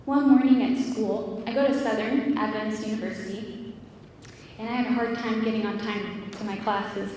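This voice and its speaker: A woman's voice: fairly even intonation, normal speed, a little mellow. A young woman preaching an earnest sermon that builds to fervent appeals, recorded in a church. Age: young adult. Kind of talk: sermon with storytelling. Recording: echoey hall from far off, faint rumble.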